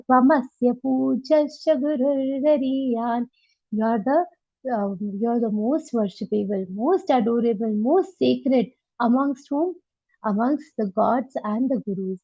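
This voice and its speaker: Indian English woman, scripture teacher, fairly high voice, emphatic and repetitive; thin phone-like sound, dry. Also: no room sound. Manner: emphatic, repeats points, asks rhetorical questions. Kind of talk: devotional scripture class. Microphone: online class over a call. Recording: tinny phone-like line, dry.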